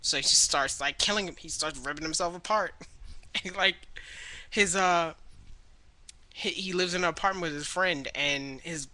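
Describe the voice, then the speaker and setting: Rambling young man with a bright voice. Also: moderate pace, long pauses, no echo, low-quality recording. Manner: rambling, restarts often, mimics characters in high voices. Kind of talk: casual webcam movie rant. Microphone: webcam mic.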